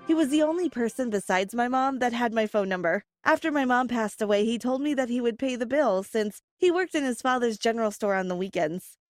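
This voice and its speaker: A woman narrating a first-person story in an earnest, plain storytelling manner. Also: a little high.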